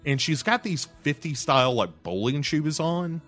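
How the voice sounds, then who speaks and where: A man's voice: on the high side, expressive, moderate pace, fairly bright tone, soft background music. A man, recapping a TV episode in a casual podcast chat, rambling with many fillers. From United States. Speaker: podcast co-host.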